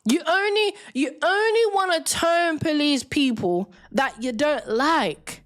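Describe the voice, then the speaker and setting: Her voice sits high and moves at a slow pace as she hosts a live-stream debate. She lectures and mocks her viewers in a confrontational rant.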